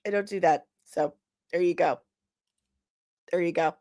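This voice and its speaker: A sniffly woman with a lingering cough hosting a casual live stream. She greets viewers with loud, sing-song shouts and chats in a playful, teasing way. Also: lowish voice, a little slow, long pauses. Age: adult, old enough to remember films from forty years ago. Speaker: host of a daily pop-culture live show.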